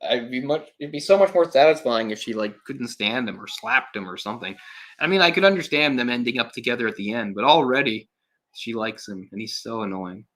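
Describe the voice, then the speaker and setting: A man's voice: medium pitch, lively intonation, brisk, a bit bright. A young man giving casual, sarcastic live commentary on a film, exasperated and swearing at times. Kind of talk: solo live movie commentary.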